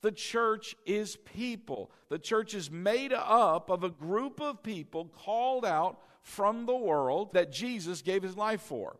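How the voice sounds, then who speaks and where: High-voiced preacher, keeps checking in. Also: male voice, lively intonation, slow pace, few pauses. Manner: checks in with "all right?" and has the congregation repeat words. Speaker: pastor. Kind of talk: sermon.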